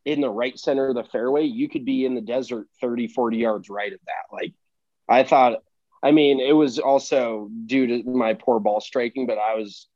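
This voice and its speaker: A man's voice: mid-range voice, fairly even intonation, moderate pace, a little mellow, dry recording, highs cut off. A man co-hosting a podcast, joking crudely and mocking himself in casual chat. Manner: joking, crude, self-deprecating.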